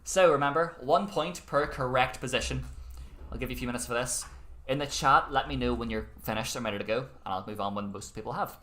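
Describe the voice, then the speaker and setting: A man's voice: mid-range voice, brisk, bright, forceful tone. An Irish man hosting an online quiz in a casual, chatty way, with joking asides and self-amused laughs. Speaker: quiz host.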